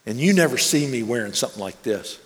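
A man voicing an earnest young male mechanic with a big booming voice, inside a sermon. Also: animated, fast, close to an everyday voice. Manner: booming, eager calls. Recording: long reverb of a large hall.

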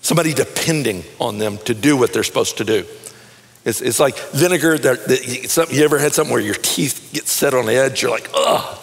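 A middle-aged man preaching a sermon in a conversational, animated way, telling stories and often repeating words as he starts a phrase. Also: medium pitch, fairly quick, creaky, long reverb tail. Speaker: pastor. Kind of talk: sermon with storytelling.

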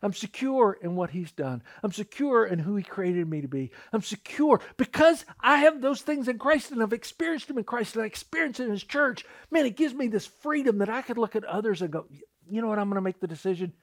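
Animated preaching man with lively pitch. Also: brisk, few pauses. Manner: storytelling, acts out quoted voices, repeats words when starting. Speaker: pastor. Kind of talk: sermon.

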